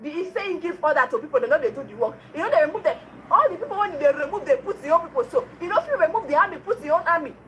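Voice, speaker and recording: Woman, Nigerian Pidgin accent, high voice, scolding commentary with repeated rhetorical questions. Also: expressive, rapid-fire, few pauses, a bit bright, slight background noise, rough recording. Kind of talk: political commentary.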